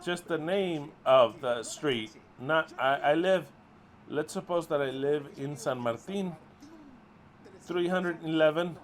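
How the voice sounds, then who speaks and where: Slowly, a middle-aged ministry leader scolds his followers with profane exasperation. He swings from loud outbursts to low muttering.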